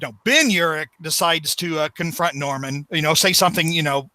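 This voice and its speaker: A man's voice: on the high side, a little fast, bright, forceful tone, no room sound. A middle-aged man co-hosting a podcast, rambling through comic recaps with laughs and acted-out quotes. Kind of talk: casual chat.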